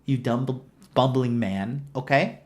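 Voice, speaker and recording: A man's voice: medium pitch, unhurried, close to an everyday voice. A man putting on a scowling, scornful young woman. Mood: contemptuous.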